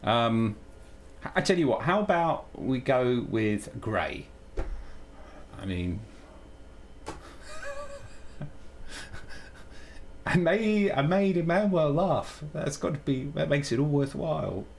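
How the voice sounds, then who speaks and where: A man live-streaming his programming work, muttering through the code in an unhurried, halting way. His pitch moves around expressively, rising and dipping as he works things out, and he often cuts himself off mid-thought. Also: very animated, gravelly, slight background noise. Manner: halting, self-interrupting, muttering while working. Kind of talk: live coding stream, thinking aloud.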